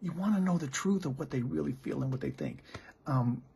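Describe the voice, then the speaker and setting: A man's voice: fairly high pitch, huge pitch swings, fairly quick, dark tone, slight background noise. A middle-aged American man preaching a blunt, candid sermon as a pastor. He talks plainly and often restarts his sentences. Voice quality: gravelly and very raspy. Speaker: pastor and missionary.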